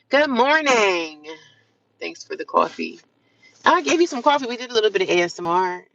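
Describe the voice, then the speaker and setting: A woman's voice: medium pitch, gravelly, a bit bright. Upbeat chatty woman on a muffled phone. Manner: upbeat, chatty, repeats affirmations. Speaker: livestreamer. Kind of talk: casual livestream chat. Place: inside a car. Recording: distant, muffled phone audio.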